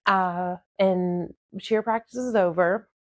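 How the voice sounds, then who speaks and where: A woman's voice: fairly low pitch, fairly even intonation, slow pace, no room sound. A young woman casually telling her own life story, candid and rambling, with many fillers. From southern United States.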